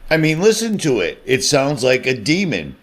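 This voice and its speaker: A man's voice: medium pitch, wildly swooping pitch, moderate pace, heavy background noise. A man in his fifties giving a scornful, emphatic ranting commentary as host of his channel. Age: 50s.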